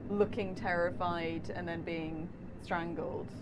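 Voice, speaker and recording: A woman's voice: fairly low pitch, steady tone, takes it slowly, background noise. A woman running the video layers in a theatre rehearsal, talking casually with lots of fillers. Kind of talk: rehearsal planning talk.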